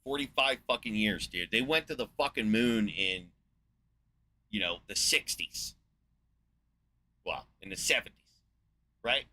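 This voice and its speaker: A man in his forties from the United States, giving a profane, sarcastic and exasperated rant as a video host, rambling with filler pauses. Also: on the low side, lively intonation, pushed and bright, low-quality recording. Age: 40s. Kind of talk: ranting monologue.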